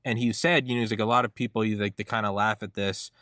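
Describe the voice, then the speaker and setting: A man hosting a podcast interview, talking casually in a rambling, excitable way and leaning on "like" as a filler. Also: fairly low pitch, quick pace, dry recording, clean studio sound. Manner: rambling, excitable, heavy use of "like". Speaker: podcast host.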